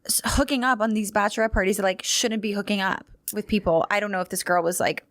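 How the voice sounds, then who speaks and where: A woman's voice: medium pitch, fairly even intonation, fast talker, a bit bright, no room sound, clean studio sound. A woman co-hosting a podcast, chatting in a giggly, rambling way. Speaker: podcast co-host. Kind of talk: casual chat.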